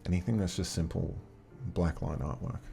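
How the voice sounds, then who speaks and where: A man's voice: low voice, normal speed, creaky, mellow, faint music behind. A man playing a solo tabletop adventure book, reading the text aloud and chatting casually with his viewers. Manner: chatty, reads game text aloud, talks to chat. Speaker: game master.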